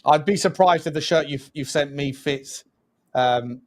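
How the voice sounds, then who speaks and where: Young man, slightly high voice, casual live-stream chat, laughs often. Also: a little slow. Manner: chatty, lots of fillers and restarts, laughs often. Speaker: co-host.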